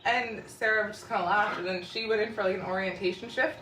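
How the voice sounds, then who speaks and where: A woman's voice: mid-range voice, steady tone, brisk, bright, forceful tone. Young woman host, gossipy and rambling, heard from a distance over background noise. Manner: gossipy, fills speech with "like". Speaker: podcast host. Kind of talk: casual storytelling chat. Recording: echoey room, far from mic, noisy.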